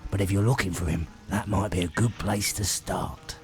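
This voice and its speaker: A man voicing a gravelly fantasy innkeeper. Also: sits low, steady tone, moderate pace, a little mellow, soft background music. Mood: matter-of-fact. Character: gruff male innkeeper, plain-spoken gossip. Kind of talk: game character dialogue.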